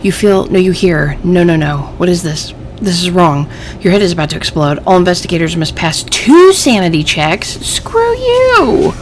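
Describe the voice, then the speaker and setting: A woman's voice: lowish voice, animated, normal speed, noisy background. A woman hosting a let's play, thinking aloud and reading game text aloud, easily irritated by the game. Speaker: gaming channel host.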